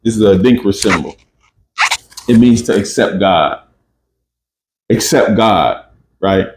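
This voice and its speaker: A man with a low voice hosts a casual spiritual talk. He speaks emphatically and keeps checking in with "right?" and "you see?". The room around him is echoey. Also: unhurried, a little mellow. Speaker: podcast host.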